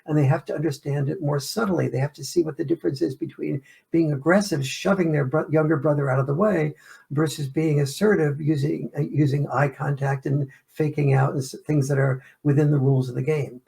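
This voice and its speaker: Brief: gravelly male author guest, explanatory, acts out examples. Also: fairly high pitch, fairly even intonation, a little fast, warm tone. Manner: explanatory, illustrates points with acted-out family scenes. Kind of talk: interview answers.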